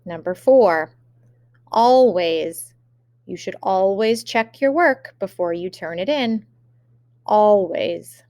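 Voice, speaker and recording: A woman teacher giving a remote spelling lesson, dictating words slowly and carefully with example sentences. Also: medium pitch, expressive, darkish tone, dry recording, clean studio sound.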